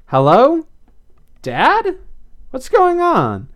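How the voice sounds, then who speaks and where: A man's voice: very high voice, wildly swooping pitch, very slow, fairly bright tone, voice pushed up, exaggerated voice. A man voicing a flustered, apologetic teenage girl in a read-aloud story.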